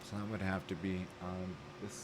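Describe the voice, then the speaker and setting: A man's voice: low voice, flat delivery, moderate pace, background noise. A man telling a rambling, heated story to camera, swearing freely and full of fillers. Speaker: vlogger. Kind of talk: casual rant to camera.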